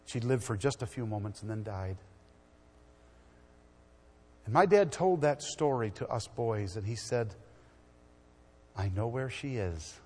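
A middle-aged man preaches in a church, rising to loud exhortation and then dropping to hushed storytelling. His voice sits at an ordinary pitch. It rings with the long reverb of a big hall. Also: animated, measured pace, pauses often, slightly rough. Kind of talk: sermon.

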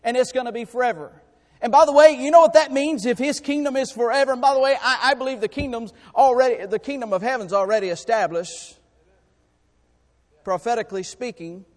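A man preaching a sermon, emphatic and repetitive, his voice climbing louder and higher to drive home points. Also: brisk. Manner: emphatic, rises in pitch and volume for rhetorical points; repeats and restarts words while preaching. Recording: long hall reverb.

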